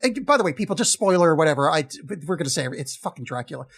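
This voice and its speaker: A man co-hosting a film podcast with a voice pitched a little high for a man. He talks in an animated, exasperated way and swears freely while venting about the film. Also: rapid-fire, breathy edge. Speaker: podcast co-host. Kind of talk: casual film review chat.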